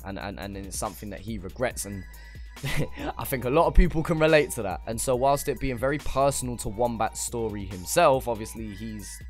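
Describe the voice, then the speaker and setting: A man's voice: mid-range voice, normal speed. A man, hosting a music reaction and giving casual, slangy commentary on a song. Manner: loose slangy street talk.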